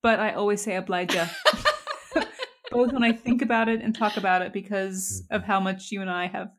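A woman's voice: medium pitch, flat delivery, quick pace, a little hiss or hum. A woman co-hosting a podcast, joining in with playful, joking banter in casual chat.

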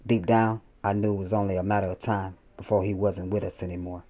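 A man reading a war story aloud in the first person, at a steady, measured pace. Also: sits low, lo-fi sound. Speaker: audiobook narrator.

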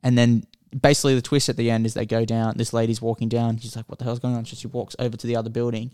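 Smooth-voiced man chatting about films. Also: medium pitch, quick pace, dry recording, studio quality. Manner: rambling, animated storytelling with filler words. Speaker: podcast co-host. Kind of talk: casual film chat.

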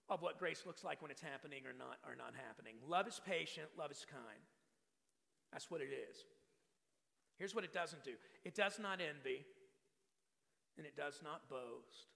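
Texan man, guest preacher, rough gravelly edge, bright forceful tone, talks with the room. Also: a little high, in a large hall. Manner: conversational, repeats words, asks the crowd to respond. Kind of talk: sermon.

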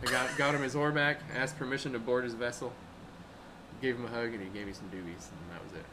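A young man telling rafting stories in loose, casual talk, jumping into the voices of the people he quotes. His voice sits at an ordinary middle pitch. A steady hum of air conditioning runs underneath him. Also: quick pace. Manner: animated, acts out quoted people with raised voice. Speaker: river rafting guide. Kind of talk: casual storytelling chat. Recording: noisy background hum.

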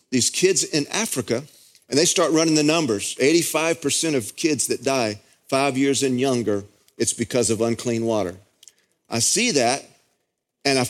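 A middle-aged man with a drawl preaches from the pulpit, telling a story with rising fervor. His voice sits at an ordinary pitch and climbs as he presses his point. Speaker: pastor. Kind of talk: sermon.

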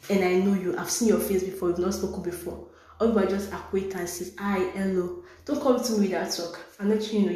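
A woman's voice: medium pitch, dark tone. A woman hosting a solo podcast, talking in a blunt, sarcastic, exasperated way. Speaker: podcast host. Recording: roomy echo.

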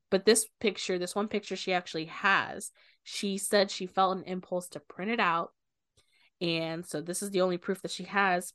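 A woman with a somewhat low voice chats through a book's plot for a podcast, slipping into quick quoted lines and the odd swear word. The sound is dry and close, with little room around it. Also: dry recording. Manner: animated retelling, quoting characters with bursts of swearing. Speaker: podcast co-host. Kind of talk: casual book discussion.

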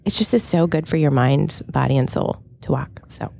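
Low creaky-voiced woman podcast host. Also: animated, normal speed, a little mellow, no room sound, studio quality. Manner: enthusiastic, laughs often. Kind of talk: casual chat.

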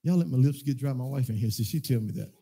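A man preaching a sermon, telling a personal story in a loose conversational way that keeps rising into loud, emphatic preaching in a church. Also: medium pitch, fast, gravelly. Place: church sanctuary.

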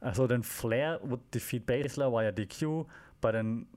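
A man talking through a casual solo podcast recap at a mid-range pitch. He rambles, stacks up fillers and restarts, and drops wry asides as he goes. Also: measured pace, a little mellow. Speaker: podcast host.

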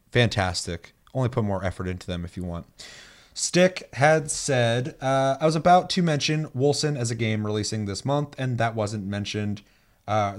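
Profane young male podcast host. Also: medium pitch. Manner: loose and profane, laughs often, animated when telling stories. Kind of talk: casual chat, reading out listener comments.

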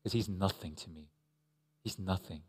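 A man pastor giving a conversational, animated sermon with asides to the congregation. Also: low-pitched, normal speed, husky. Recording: echoey hall.

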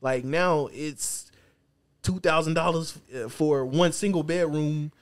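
A man's voice: fairly high pitch, steady tone, takes it slowly, no room sound, studio quality. A man co-hosting a podcast in casual chat, opinionated and slangy, with frequent filler phrases. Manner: opinionated, slangy, keeps saying "you know what I'm saying". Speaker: podcast co-host.

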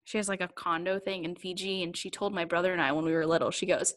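A woman's voice: fairly low pitch, steady tone, fast, fairly bright tone. A young adult woman talking candidly in a casual interview, laughing often and rambling a little as she thinks aloud. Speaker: guest. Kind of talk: casual conversation.

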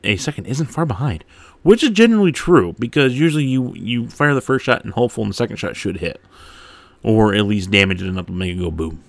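Man, podcast host, reading aloud, lively swooping pitch, excitable asides, dry close sound. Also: brisk, creaky, no room sound. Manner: excitable, laughs often, breaks off to comment. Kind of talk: reading a game blog aloud with commentary.

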